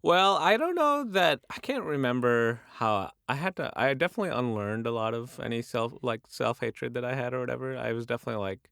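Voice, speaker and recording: A man's voice: medium pitch, animated, a little fast, creaky, hardly any pauses, a bit bright, clean tone, dry recording, studio quality. A young man from Michigan, a podcast guest talking casually, telling stories with lots of fillers and restarts. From Michigan, USA. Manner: chatty, filler-heavy storytelling with many restarts. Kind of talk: casual interview chat.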